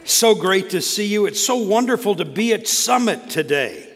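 A man's voice: sits high, very animated, moderate pace. Man preaching in a reverberant church. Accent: Southern US, faint. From American South. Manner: warm, exclamatory, frequent restarts. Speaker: guest preacher, state coordinator. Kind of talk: church sermon. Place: church sanctuary.

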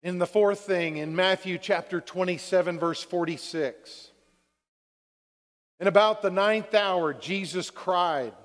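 A man's voice: sits high, takes it slowly, a bit bright, big-room sound. A male pastor preaching a sermon, calling out "Amen?" to the congregation and acting out everyday quotes. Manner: preaching with call-and-response "Amen?" and acted-out quotes.

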